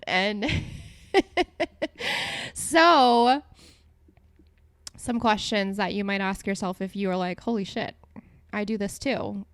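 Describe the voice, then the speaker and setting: A woman's voice: mid-range voice, no echo. A young adult woman hosting a solo podcast, talking casually and rambling, with lots of fillers and self-corrections. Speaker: podcast host.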